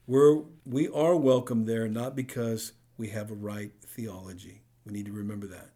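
A man preaching a sermon as pastor, in a conversational way, often checking in with the congregation with a quick "right?". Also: lowish voice, steady tone, mellow.

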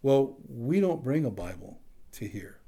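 A male pastor preaching a sermon and closing in prayer, animated, swinging between loud emphasis and soft, low passages. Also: a little slow, slightly rough.

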